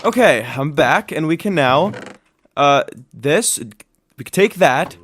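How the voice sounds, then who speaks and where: A man's voice: fairly high pitch, expressive, slow pace, a bit bright, a little hiss or hum. Chatty young man narrating gameplay. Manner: upbeat, chatty, dramatic reactions. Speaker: gaming YouTuber. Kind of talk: Minecraft let's-play commentary.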